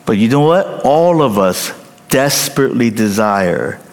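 A man preaching a sermon as pastor, emphatic, rising to loud peaks and dropping to hushed endings, often checking in with the congregation. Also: mid-range voice, animated, a little slow. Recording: long hall reverb.

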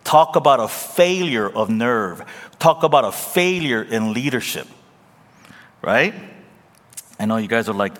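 A male pastor preaching in a church, his voice sitting in the middle range. He prays softly, then reads and comments on scripture with quick, playful asides. The sound carries a long hall reverb. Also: medium pitch. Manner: prayerful and quiet, then lively and joking. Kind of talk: sermon.

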